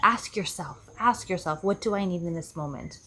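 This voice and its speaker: A woman's voice: fairly low pitch, normal speed, sharp tone, slight background noise. A woman life coach giving an earnest, reflective self-help talk, often repeating herself for emphasis. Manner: earnest, repetitive, acts out quoted voices.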